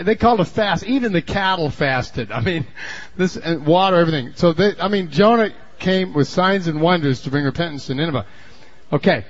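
A fairly high-voiced man preaches a sermon, telling the story in a folksy way. He dips into quiet asides and then climbs to shouted emphasis. The recording sounds dull and lo-fi.

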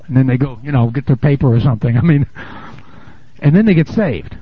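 A man preaching a sermon in a lively, conversational way, laughing and calling out "amen?" to the congregation, on a dull, lo-fi recording. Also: mid-range voice, a little fast, breathy edge. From United States. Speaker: pastor.

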